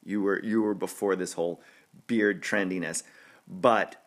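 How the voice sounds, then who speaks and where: A low-voiced man hosts a sports podcast, his intonation fairly even. He rambles through casual chat, laughs a lot, and often restarts his sentences quickly.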